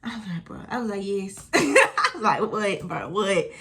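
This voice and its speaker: A young woman, telling a storytime vlog in a casual, animated way, acting out what people said. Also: medium pitch, a little slow. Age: 20s. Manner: animated retelling, acting out quotes, frequent swearing. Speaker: storytime vlogger.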